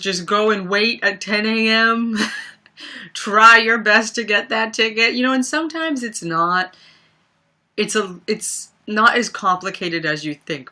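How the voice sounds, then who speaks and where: A young woman hosting a livestream tells stories in a casual, chatty way, laughing often and using plenty of fillers. Her fairly low voice sounds pushed and bright, picked up by a webcam or phone mic.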